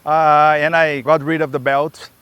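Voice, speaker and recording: A man's voice: a little high, flat delivery, a little slow, fairly bright tone, smooth, dry recording. A man vlogging while skating through an outdoor park, out of breath and rambling off topic, talking into a camera he holds or straps to his body. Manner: rambling, chatty, self-interrupting asides. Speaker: skate builder vlogger. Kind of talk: casual vlog while skating. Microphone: camera held in hand or strapped to body.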